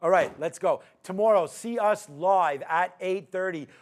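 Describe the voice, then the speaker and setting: A man hosting a live market show, giving loud, energetic shout-outs to viewers. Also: sits high, unhurried. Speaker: host.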